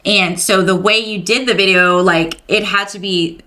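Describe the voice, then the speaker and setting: A woman's voice: medium pitch, fairly even intonation, moderate pace, pushed and bright. A woman hosting a podcast in casual chat, affirming and conversational with her guest. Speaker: podcast host.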